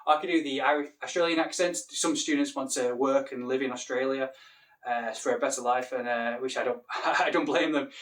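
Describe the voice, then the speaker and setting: A man's voice: mid-range voice, fairly even intonation, fairly quick, far from the mic. A man with a Mancunian accent, an English teacher talking casually to camera, rambling and restarting his sentences. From Manchester, England.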